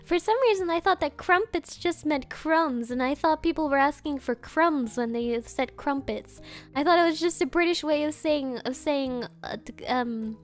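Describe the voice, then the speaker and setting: A woman's voice: high-pitched, moderate pace, faint music behind. A woman streamer chatting casually and playfully with her chat, often breaking into giggles. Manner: giggly, playful, keeps bursting into laughter. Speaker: virtual streamer.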